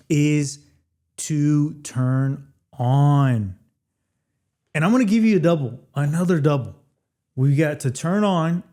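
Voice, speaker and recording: A man teaching English phrasal verbs in a casual video lesson, chatty and repeating phrases slowly for learners. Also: a little high, mellow.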